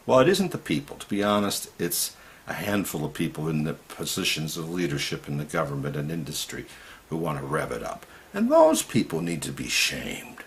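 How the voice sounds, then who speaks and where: A man's voice: rumbling low, huge pitch swings, moderate pace, creaky. A man giving an impassioned political monologue to camera, indignant and ranting, often rising to outbursts. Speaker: video commentator.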